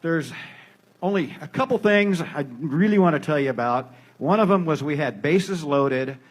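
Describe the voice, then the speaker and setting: A man's voice: on the high side, moderate pace. A man coaching and refereeing a recreational kickball league, telling game stories in a casual podcast chat. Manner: storytelling, animated retelling.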